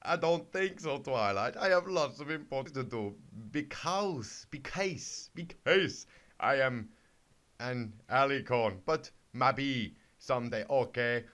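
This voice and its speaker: A man voicing a charming, aloof male winged pony in a slow, drawn-out, mock-suave way. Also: mid-range voice, animated, a bit bright.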